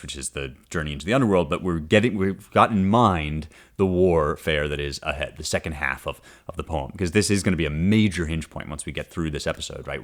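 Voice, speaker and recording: A male podcast host teaching a classic poem in a casual, conversational way, often checking in with "right?" and giving wry asides. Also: very deep voice. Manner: wry and animated, reads passages aloud then unpacks them.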